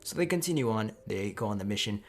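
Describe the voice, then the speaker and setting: A man's voice: lowish voice, expressive, fast talker, faint music behind. A man casually narrating a fan story, crude and rambling, swearing often. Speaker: YouTube storyteller.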